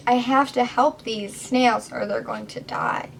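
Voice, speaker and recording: A woman's voice: on the high side, sing-song, measured pace, gravelly, few pauses, husky, rough recording. A young woman chatting in a casual home vlog, rambling and self-deprecating, sometimes dropping to a whisper. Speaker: vlogger. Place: indoors at home.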